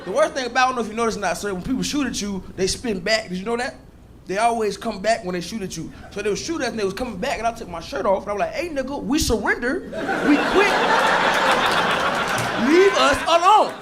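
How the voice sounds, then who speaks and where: Racing along in a high voice, a male comic on a comedy stage tells loud, animated stories and shouts out other people's lines. The stage clip is full of noise from the laughing live audience.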